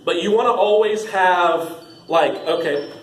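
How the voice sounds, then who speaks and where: This young man, a haunt trail actor, trains new staff casually, rambling along with frequent laughs and many fillers. He has a high voice and a measured pace, and the echoey room carries faint ambient noise.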